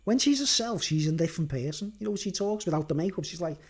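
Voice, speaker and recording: A quick-paced man whose high voice has a breathy edge and lively intonation delivers a casual ranting monologue as a vlogger. He laughs often and leans on "right?" and "mate."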